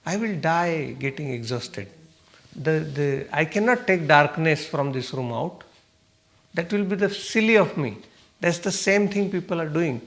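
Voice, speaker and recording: Questioning male meditation teacher, higher voice. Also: animated, measured pace, a bit bright. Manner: asks the listeners questions and answers them; repeats himself and checks "okay?". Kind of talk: spiritual talk to a class.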